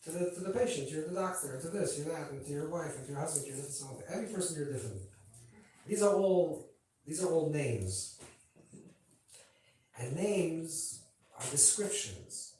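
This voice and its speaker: A man's voice: on the high side, lively intonation, moderate pace, pauses often, warm tone, slight background noise. A man, a rabbi, giving an informal teaching talk to a gathering. He talks conversationally, keeps checking that listeners follow, and adds playful asides to the audience. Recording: very echoey room, voice from a distance.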